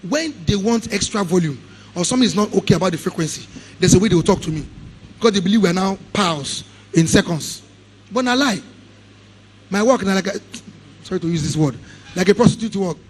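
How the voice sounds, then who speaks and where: A middle-aged Nigerian man teaching a live audio engineering seminar, animated and quick to act out other people's lines. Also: high voice, a little hiss or hum, rough recording. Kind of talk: live seminar talk with anecdotes.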